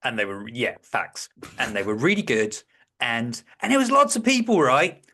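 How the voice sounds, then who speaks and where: A man's voice: mid-range voice, huge pitch swings, normal speed, pushed and bright. A middle-aged man co-hosting a podcast from a remote call, chatting casually and joking as he tells stories. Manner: jokey storyteller, acts out characters in the stories he tells. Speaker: podcast co-host. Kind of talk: casual chat. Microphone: remote call mic.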